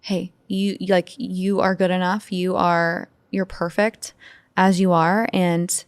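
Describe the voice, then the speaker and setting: A woman speaking as a podcast guest, telling stories in an open, animated way with lots of fillers. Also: fairly low pitch, slow pace, clean tone, no room sound. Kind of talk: casual interview conversation.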